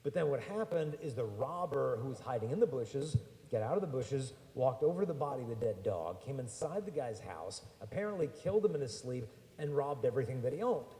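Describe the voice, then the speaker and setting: Mellow-voiced man telling stories in an echoey church. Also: mid-range voice, a little fast. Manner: chatty, animated storytelling, slangy asides. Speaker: speaker addressing young people. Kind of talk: lively humorous talk to a live audience.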